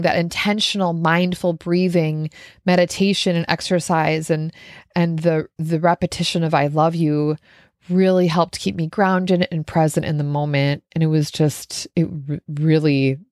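Earnest low-voiced woman telling a personal story. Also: dry recording, clean studio sound. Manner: earnest and reflective, with frequent soft laughs and restarts. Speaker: wellness coach sharing a personal story.

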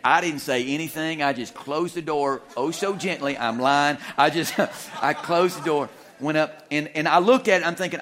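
Animated, chuckling middle-aged man preaching. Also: a little high, normal speed. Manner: animated, humorous, chuckling, self-deprecating storyteller. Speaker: guest preacher. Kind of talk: storytelling sermon. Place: church sanctuary.

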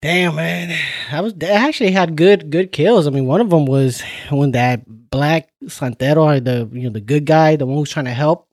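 A man's voice: on the high side, moderate pace, few pauses, darkish tone, no echo, studio quality. A man co-hosting a casual chat in a laid-back, profane way, often saying "man". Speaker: podcast co-host.

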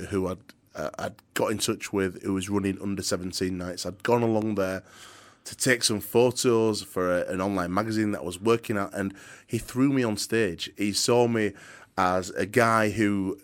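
A man, a DJ guest in an interview, telling a story with frequent restarts. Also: fairly low pitch. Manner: halting restarts, relaxed anecdotal telling.

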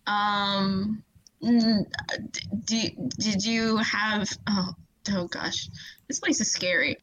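Slow, hesitant woman player. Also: medium pitch, steady tone, fairly bright tone, highs cut off. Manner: hesitant, stumbling. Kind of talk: casual tabletop role-play.

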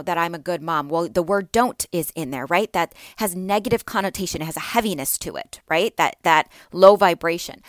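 A woman's voice: lowish voice, no room sound, clean studio sound. A woman in her thirties hosting a wellness podcast for mothers, talking earnestly and encouragingly, repeating phrases for emphasis. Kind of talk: motivational talk.

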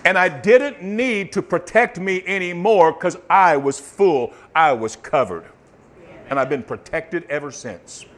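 A man preaching a sermon, swinging from loud fervent bursts to soft, murmured testimony. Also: high-pitched, measured pace.

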